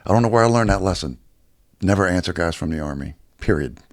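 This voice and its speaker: A man's voice: low-pitched, lively intonation, fast talker, dry recording, studio quality. A man telling a rambling, profane story on his own casual video channel. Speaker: YouTuber.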